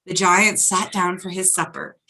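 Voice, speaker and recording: A woman's voice: fairly low pitch, normal speed, low-quality recording. A woman hosting a children's storytime, reading a picture book aloud and asking the kids questions as she goes. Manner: animated, asks the children questions.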